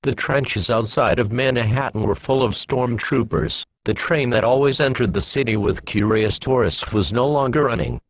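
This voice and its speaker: A man narrating his own science-fiction fan story aloud in a plain, steady reading voice. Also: medium pitch, normal speed, hardly any pauses, rough recording.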